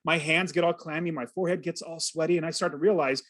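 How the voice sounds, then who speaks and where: A man's voice: a little high, quick pace. Earnest man telling a story. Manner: earnest, animated storyteller acting out his own thoughts. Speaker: podcast guest, real estate investor. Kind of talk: storytelling in an interview.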